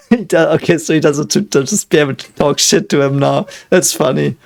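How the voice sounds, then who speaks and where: A man with a gravelly, creaky voice gives casual reaction commentary. He muses out loud in a reflective, analytical way. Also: a little high, normal speed. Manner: reflective, thinking aloud, analytical. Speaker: physicist reacting to an anime episode.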